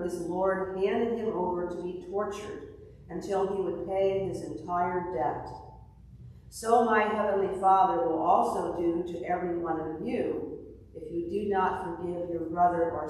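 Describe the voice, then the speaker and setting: Slow-spoken woman pastor in echoey sanctuary. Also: fairly low pitch, darkish tone. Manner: slow, measured delivery with a told joke. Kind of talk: scripture reading and sermon. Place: church sanctuary. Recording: distant mic in an echoey hall.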